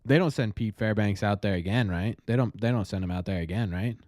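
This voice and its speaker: A man hosting a fan show, commenting live on a game as he watches, nervous and excitable, repeating his cheers. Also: fairly low pitch, a little fast, dry recording, studio quality.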